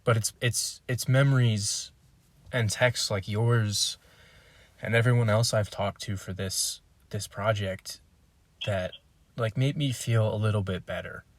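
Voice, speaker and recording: Podcast host guy, lowish voice, reflective and emotional, dry mic. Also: fairly even intonation, unhurried, dry recording. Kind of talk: casual interview chat.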